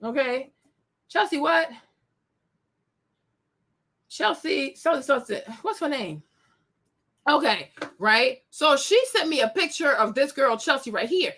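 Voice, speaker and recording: A woman's voice: sits high, expressive, slow pace, long pauses, fairly bright tone. A woman hosting a commentary show, ranting bluntly and scathingly with bursts of laughter. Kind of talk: opinionated commentary rant.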